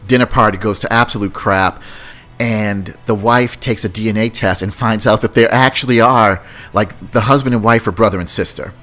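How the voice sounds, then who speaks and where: A man's voice: fairly low pitch, fairly bright tone. A man hosting a podcast, chatting casually about movies in a rambling way and often repeating words. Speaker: podcast host. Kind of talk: casual movie review chat.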